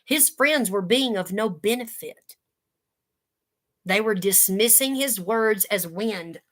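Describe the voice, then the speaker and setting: A woman's voice: mid-range voice, slow pace. A woman giving a casual Bible study talk, conversational and earnest, with folksy asides. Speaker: Bible teacher.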